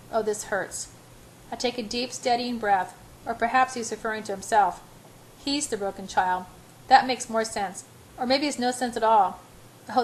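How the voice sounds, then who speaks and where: A woman's voice: fairly high pitch, a little hiss or hum, rough recording. A woman narrating a romance novel in the first person as an amateur audiobook, with small slips and restarts.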